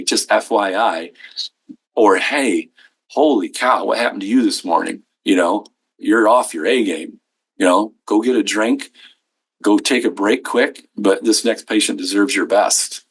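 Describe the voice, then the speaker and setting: A man's voice: on the low side, low-quality recording. A middle-aged man leading a healthcare billing training webinar, talking conversationally with frequent ums and acting out little dialogues.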